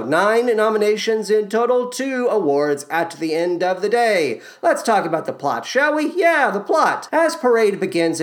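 A man hosting a podcast, reading a scripted musical theatre recap in a playful way with quick asides. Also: sits high. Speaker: podcast host.

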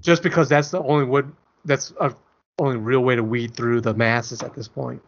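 A man's voice: mid-range voice, fairly even intonation, moderate pace, slight background noise. A man co-hosting a podcast, chatting casually in a rambling, joking way. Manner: rambling, self-deprecating, jokey. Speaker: podcast co-host. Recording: dull lo-fi audio.

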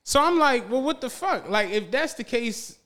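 A man co-hosting a podcast who tells a long story in casual chat, profane and animated, laughing often and acting out what people said. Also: very high voice, normal speed. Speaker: podcast co-host.

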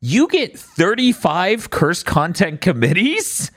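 A man's voice: sits high, sing-song, slow, a bit bright. A man co-hosting a podcast, joking and riffing in casual chat. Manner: jokey, riffing on bits. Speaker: podcast co-host.

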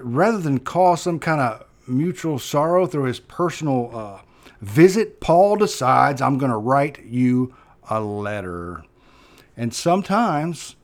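A pastor preaching with earnest feeling, his voice at a middle pitch. He hammers key words louder, then falls to a hushed, slow close. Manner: earnest, emphatic preaching with sudden loud stresses and hushed drops. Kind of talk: sermon.

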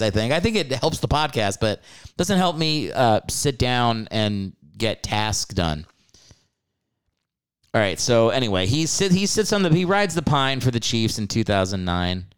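A man hosting a comedy podcast with a smooth, resonant voice. His pitch swings widely as he rants about sports, swearing freely and breaking into laughter often. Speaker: podcast host. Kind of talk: casual comedic sports rant.

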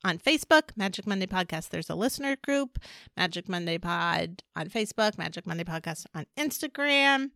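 A woman's voice: fairly low pitch, lively intonation, brisk, gravelly, bright, forceful tone, no room sound, studio quality. A middle-aged woman co-hosting a podcast in casual chat, chatty and playful, laughing often. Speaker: podcast co-host and energy reader.

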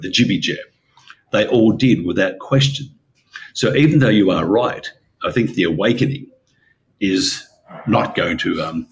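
A man with a fairly low voice argues his point in a conversational discussion. He hesitates and restarts often. A faint hiss of noise sits behind him. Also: low-quality recording. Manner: hesitant, repetitive, argumentative.

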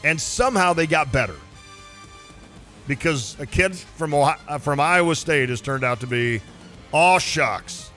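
Bright, animated sports radio host man. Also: fairly high pitch, unhurried, soft background music. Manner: animated, self-mocking whining. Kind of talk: casual sports talk.

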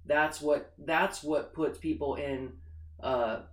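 A man's voice: a little high, takes it slowly. Emphatic man in an echoey room. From United States. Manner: animated, emphatic storyteller. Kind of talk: casual political chat. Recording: echoey room, faint background noise.

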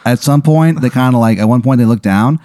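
A man hosting a comedy podcast, spinning an improvised story in a rambling, deadpan way full of fillers. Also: medium pitch, fairly quick, no echo, clean studio sound. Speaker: podcast host.

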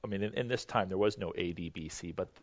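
A man's voice: sits low, quick pace. Man teaching a casual Bible lesson. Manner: conversational, explanatory, with frequent restarts. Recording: dull lo-fi recording.

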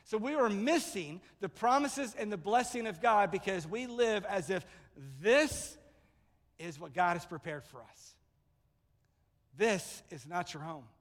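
A man preaches from the pulpit, his voice sitting high for a man. He tells stories and swings between loud proclaiming and hushed retelling. The sound carries the long reverb of a large church hall. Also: expressive, unhurried. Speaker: pastor. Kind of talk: sermon.

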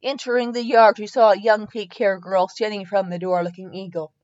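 A woman's voice: medium pitch, little pitch movement, brisk, darkish tone, dull audio. A woman host reading fan fiction aloud in a comedic dramatic style, tripping over typos and correcting herself with asides.

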